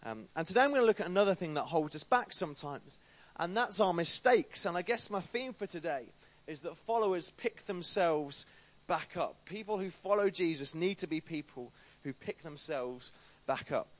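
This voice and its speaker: A man's voice: on the high side, animated, moderate pace. A young man giving an informal talk to a faith group, telling a story with chatty, self-deprecating asides.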